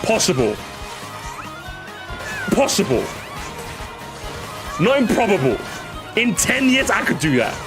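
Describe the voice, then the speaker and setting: A male streamer reacting live to game replays, chatty and excitable, rambling with many restarts. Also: high-pitched, takes it slowly, long pauses, music in the background.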